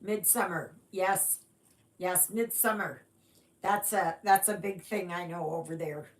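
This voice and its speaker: A woman from Canada hosting a casual stitching livestream, chatting unhurriedly and greeting viewers by reading their comments aloud. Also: on the low side. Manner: unhurried, rambling with fillers. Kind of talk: casual live-stream chat.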